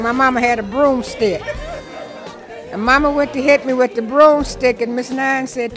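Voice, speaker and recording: A woman in her seventies telling a lively, funny story from her youth as a birthday message. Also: high voice, normal speed. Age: 70s. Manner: lively storyteller, acts out voices from memories. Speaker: birthday well-wisher. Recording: music and crowd noise behind.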